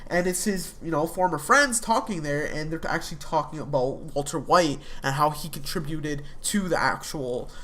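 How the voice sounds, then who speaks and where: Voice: medium pitch, moderate pace, few pauses, a bit bright. A young adult speaker recapping a TV episode in a casual, rambling way, full of fillers and restarts. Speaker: TV episode reviewer.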